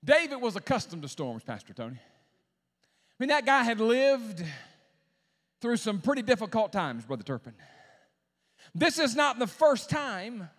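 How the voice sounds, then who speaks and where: A man preaching a sermon as a pastor, with shouted climaxes and dramatic pauses. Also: high-pitched, in a large hall.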